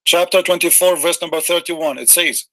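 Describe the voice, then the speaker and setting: A man hosting a heated debate, pressing his opponent with rapid repeated questions and cutting in. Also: on the high side, fairly even intonation, fairly bright tone. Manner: combative, interrupting. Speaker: debate host.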